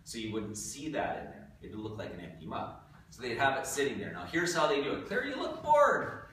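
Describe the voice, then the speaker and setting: A man's voice: fairly low pitch, sing-song, a little fast, a bit bright. A male science teacher giving a classroom demonstration, joking and checking in with his students as he works. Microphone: far camera. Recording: echoey classroom from far off, noisy.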